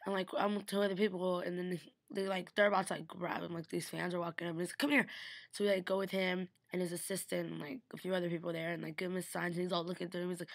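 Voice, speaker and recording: Gushing young woman vlogger, gravelly low voice. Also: level tone, very fast, no room sound. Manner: gushing, chatty, lots of "like". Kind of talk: casual vlog recap.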